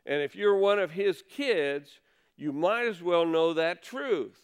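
A man's voice: high voice, slow, clean tone. A man preaching a conversational sermon from the pulpit, reading scripture and stressing key words. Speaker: pastor.

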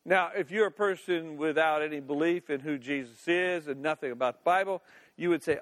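Folksy high-voiced male preacher in a hall. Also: fairly quick, a bit bright. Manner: folksy, with playful asides and laughter. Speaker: pastor. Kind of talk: sermon. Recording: long reverb of a church hall.

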